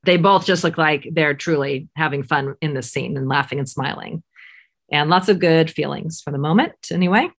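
A woman's voice: low voice, normal speed. A woman co-hosting a casual chat about a TV episode, easygoing and full of fillers. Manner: easygoing, many fillers like "you know" and "like". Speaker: podcast co-host.

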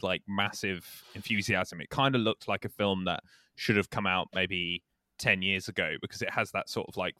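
Animated male podcast co-host, bright tone, dry sound, quick to laugh and rant. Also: on the low side, no echo. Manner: animated, laughs often, mock rants. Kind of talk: casual chat.

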